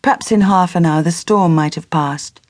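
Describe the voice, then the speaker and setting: A woman's voice: on the low side, normal speed, darkish tone, no echo, studio quality, natural voice. Earnest upper-class young man, polite and eager; a woman narrator plays him in an audiobook.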